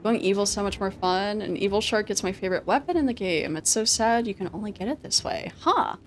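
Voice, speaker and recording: A woman streaming a game, talking casually, excitable, swearing freely and laughing often. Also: medium pitch, brisk, a little hiss or hum. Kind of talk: casual gameplay commentary.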